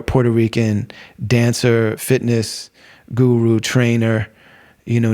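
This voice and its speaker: A man's voice: lowish voice, darkish tone. Rambling man hosting a podcast. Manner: rambling, many fillers and restarts. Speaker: podcast host. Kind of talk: casual religious talk.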